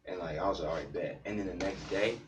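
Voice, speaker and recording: A man's voice: deep voice, quick pace, background noise. A young man in his teens telling a story in a laid-back, slangy way. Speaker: panel guest. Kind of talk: casual storytelling. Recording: echoey room, far from the mic.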